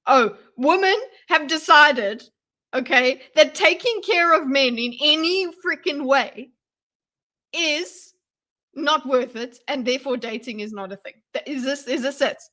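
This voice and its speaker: A woman streamer reacting live to a video, rambling and excitable, breaking into loud yelps to her chat. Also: high voice, a little slow. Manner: excitable, rambling, bursts into yelling.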